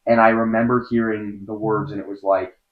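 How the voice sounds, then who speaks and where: Young guy from wisconsin, lowish voice, earnest and halting, lots of likes, kinda dull lo-fi audio. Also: flat delivery. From Wisconsin, USA. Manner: earnest, halting, many filler words. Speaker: podcast guest. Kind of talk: personal storytelling in an interview.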